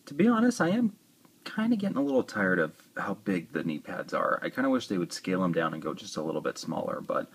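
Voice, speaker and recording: A man's voice: low-pitched, very animated, fast, creaky. A man casually reviewing a toy, chatty and rambling, with joking asides.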